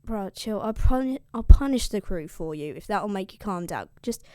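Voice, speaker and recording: A British woman voicing a laid-back male king of the gods, calming someone down in slang. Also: medium pitch, normal speed, no room sound, close to an everyday voice. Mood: placating. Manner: placating, slangy.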